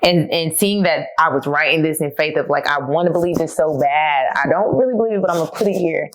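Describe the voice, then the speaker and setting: A woman with a low, dusky voice hosts a solo podcast, chatting openly with her listeners. She reads from old journal entries and reflects on them, emotional and near tears at times, yet still laughing. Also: fast talker. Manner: candid and conversational, addressing listeners as y'all. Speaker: podcast host.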